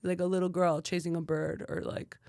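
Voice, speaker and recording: This podcast co-host's voice sits on the low side and moves fairly quickly, recorded at studio quality without room sound. She chats casually, telling animated stories with plenty of fillers and performing the quotes.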